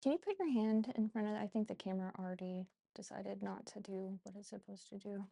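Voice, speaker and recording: A middle-aged woman with a hoarse voice, a chef hosting her cooking show in casual livestream chat and swearing casually. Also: mid-range voice, a little fast, dark tone. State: hoarse, has lost her voice.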